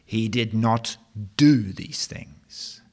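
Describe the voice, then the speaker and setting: A man preaching a sermon, asking rhetorical questions and reading scripture in a slow, dramatic way. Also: lowish voice, a little mellow. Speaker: pastor.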